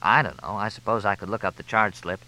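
A man's voice: lowish voice, steady tone, quick pace, pushed and bright, low-quality recording. A man voicing a big, plain-spoken female masseuse who talks in a chatty, matter-of-fact way. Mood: uneasy.

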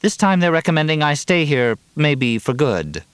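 A man's voice: a little high, sing-song, moderate pace, clear, resonant tone, dry recording, voice pushed up. A man voicing a blunt, defensive middle-aged mother with a raised voice. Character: sharp-tongued middle-aged mother, weary woman.

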